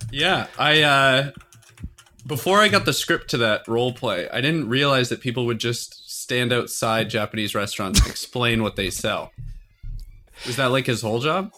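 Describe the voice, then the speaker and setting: A man's voice: mid-range voice, moderate pace, pushed and bright. A man co-hosting a comedy podcast, asking earnest mock questions. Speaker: podcast co-host. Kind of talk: comedic banter.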